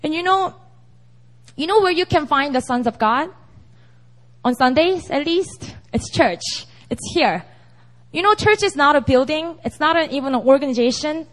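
Young woman, casual sermon, high voice, chatty and conversational. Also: lively intonation, normal speed. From South Korea. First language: Korean. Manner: chatty, with frequent "you know" and "right?". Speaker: preacher.

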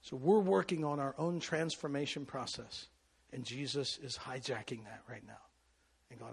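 Gravelly, husky man preaching. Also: mid-range voice, moderate pace. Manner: emotional storytelling with sudden loud bursts and quiet asides. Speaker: pastor. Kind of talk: sermon.

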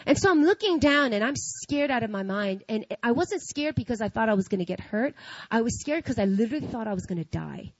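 Woman, casual storyteller, animated, slangy, dry muffled recording. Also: fairly high pitch, a little fast, dry recording. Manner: animated, slangy, acts out her own reactions. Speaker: speaker sharing a personal faith story.

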